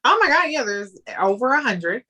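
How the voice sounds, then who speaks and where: A woman answering interview questions in a chatty, animated way, with frequent fillers along the way. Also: on the high side, normal speed. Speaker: guest, wine business founder.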